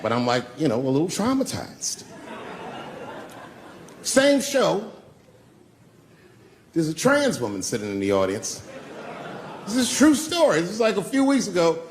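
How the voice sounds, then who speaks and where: A man's voice: medium pitch, a little hiss or hum. A man performing a stand-up set in a small comedy club, telling stories in a profane, loose way. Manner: profane storytelling, gravelly.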